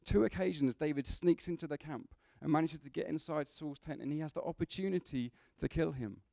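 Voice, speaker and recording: A man's voice: a little high, brisk, gravelly, warm tone, no room sound, studio quality. A man preaching a sermon in a church, conversational, with humorous asides to the congregation.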